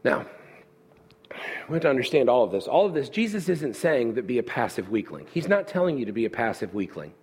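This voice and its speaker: Animated husky male preacher. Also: medium pitch, fairly quick. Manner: animated preaching, voicing listener objections. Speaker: pastor. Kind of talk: sermon.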